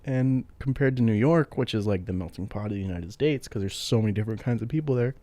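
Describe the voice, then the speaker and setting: Low-voiced man chatting casually, dry sound. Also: quick pace, dark tone, dry recording. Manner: laughs often, stammering restarts. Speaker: podcast co-host. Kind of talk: casual chat.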